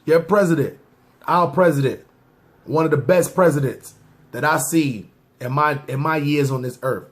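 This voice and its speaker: A man's voice: on the high side, normal speed. A man hosting a podcast, telling stories in loose casual slang and talking straight to his listeners. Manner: loose slang-heavy talk, often addressing listeners as "y'all"; acts out scenes in asides and mock voices. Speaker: podcast host. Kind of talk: casual street storytelling to viewers.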